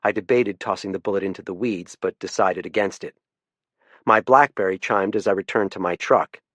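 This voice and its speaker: A man reading a first-person mystery audiobook in a low, understated voice. His delivery is dry and even. The studio sound is close with no room echo. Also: normal speed. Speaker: audiobook narrator.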